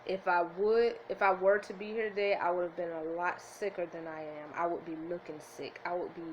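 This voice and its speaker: A woman's voice: on the low side, flat delivery, brisk, dull audio, slight background noise. A woman vlogging to her viewers with the camera in her hand, earnest and heartfelt, close to tears with happiness. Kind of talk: emotional motivational vlog. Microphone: handheld camera.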